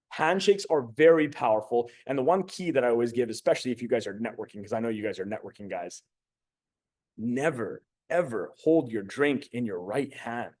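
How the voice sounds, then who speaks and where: A young adult man giving a casual motivational talk as a communication coach, swearing freely and acting out quotes. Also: mid-range voice. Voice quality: swearing, animated storytelling with acted-out quotes.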